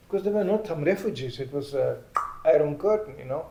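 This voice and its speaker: Older male preacher, humorous storyteller, mellow voice, room echo. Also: on the high side, fast talker. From Czechoslovakia. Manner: animated storyteller, acts out comic voices. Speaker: spiritual teacher. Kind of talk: humorous sermon. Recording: roomy hall echo.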